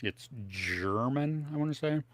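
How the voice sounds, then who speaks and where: This man co-hosts a live movie podcast from a home office setup, where he chats loosely, rambles, and tries snacks on air. His mid-range voice is animated yet measured in pace, with no room sound.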